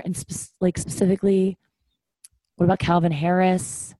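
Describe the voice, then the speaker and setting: A woman's voice: lowish voice, flat delivery, moderate pace, mellow, no room sound. A young adult woman hosting a podcast, chatting casually in a candid, rambling, self-deprecating way with many fillers. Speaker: podcast host. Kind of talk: casual solo chat.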